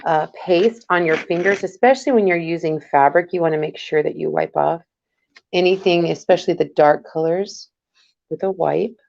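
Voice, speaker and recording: A woman's voice: fairly low pitch, moderate pace, vocal fry, darkish tone. A woman casually demonstrating a craft project, chatty and greeting viewers by name as she works. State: hiccups. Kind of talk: casual live craft tutorial. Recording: dull lo-fi livestream audio.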